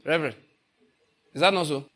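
A middle-aged man with a Nigerian accent preaching a sermon, emphatic, repeating his points and rising to loud bursts. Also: on the high side, brisk. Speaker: pastor.

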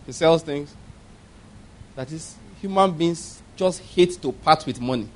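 A man preaching a sermon, from Nigeria, moving between quiet storytelling and loud exhortation and asking the congregation rhetorical questions. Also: unhurried. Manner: swings between low murmurs and loud exhortation.

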